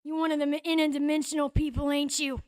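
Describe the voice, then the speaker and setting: A woman voicing a brash, crude, chain-smoking shopkeeper mother in a tabletop game, talking loud and slangy. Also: sits high, little pitch movement, quick pace, lightly acted.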